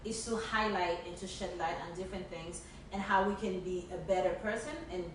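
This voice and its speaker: A woman's voice: on the low side, steady tone, a little fast. Woman, podcast co-host, casual chat, earnest and emphatic, faint hiss behind. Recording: echoey room, distant mic, faint hiss.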